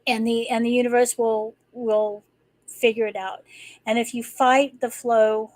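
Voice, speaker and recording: This livestream host talks in a rambling, casual way, full of fillers and restarts. Her fairly high voice is level, a little slow and slightly mellow, in a dry recording with poor audio.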